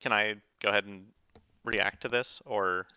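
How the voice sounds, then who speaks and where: A man's voice: fairly low pitch, steady tone, normal speed, pushed and bright, clear, resonant tone, no room sound, muffled recording. A man playing a tabletop game, hesitant and asking questions. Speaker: player. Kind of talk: casual play at a tabletop game.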